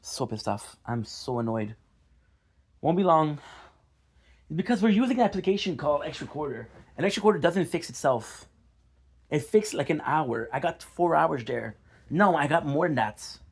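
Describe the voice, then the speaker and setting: Annoyed swearing male gaming vlogger, gravelly. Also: on the high side, lively intonation, normal speed. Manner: frustrated, swearing, repeats himself; apologetic to viewers. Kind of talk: casual vlog talk to viewers.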